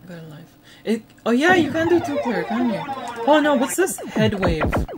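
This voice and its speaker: A woman hosting a retro gaming video, reacting loudly to the game with laughs, gasps and exclamations. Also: a little high, very animated, normal speed, a loud crowd, very noisy. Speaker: gaming channel host. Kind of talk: excited let's-play commentary. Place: home, playing retro computer game. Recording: game music loud behind.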